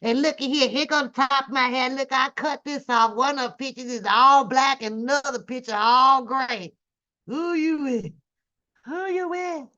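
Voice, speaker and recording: A woman's voice: high-pitched, steady tone, normal speed, hardly any pauses, pushed and bright. A woman hosting a reaction livestream, talking in a drawling, profane, mocking way. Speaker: reaction channel host. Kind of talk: casual livestream commentary. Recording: dull lo-fi home stream audio.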